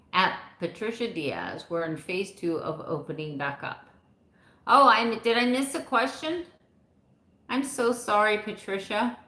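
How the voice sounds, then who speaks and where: A woman's voice: medium pitch, pushed and bright. A woman in her fifties chatting casually with her live viewers, rambling a little and laughing often. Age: 50s. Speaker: vlogger answering live chat. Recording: echoey room.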